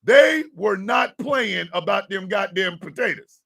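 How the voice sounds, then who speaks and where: A middle-aged man, hosting a morning radio show and telling profane, animated stories with shouted impressions. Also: sits high, a little slow, vocal fry, distant mic. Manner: animated storyteller, profane, mimics drill sergeants.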